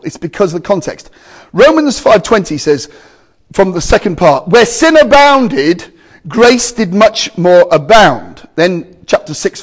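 A man preaching a sermon to a congregation, emphatic, with loud exclamations and quiet asides. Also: sits high.

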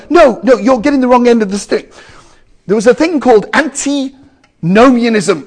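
A man preaching in a strikingly high voice that swings widely up and down. He drives points home with sudden loud exclamations, then drops into quiet, chatty asides to his congregation. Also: big pitch swings, normal speed. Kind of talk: sermon.

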